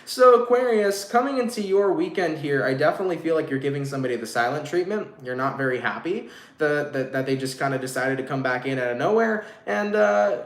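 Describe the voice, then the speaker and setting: A man giving a casual live tarot reading to viewers, talking in slang and swearing freely. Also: on the high side. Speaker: tarot reader. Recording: echoey room, faint noise.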